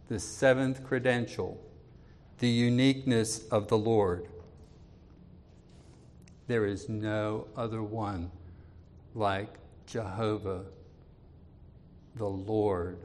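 A man preaching in a deliberate, unhurried way, his voice sitting somewhat low. Scripture readings come out louder and firmer, and personal appeals drop soft and quiet. Long reverb hangs on his words. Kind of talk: expository sermon.

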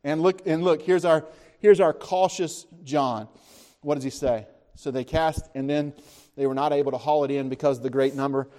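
A man's voice: moderate pace, few pauses. A man preaching a sermon, retelling scripture as a story, asking his listeners questions and lifting his voice when he speaks the disciples' lines. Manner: animated storytelling, voices the disciples' words with rising pitch; conversational, asks the listeners questions.

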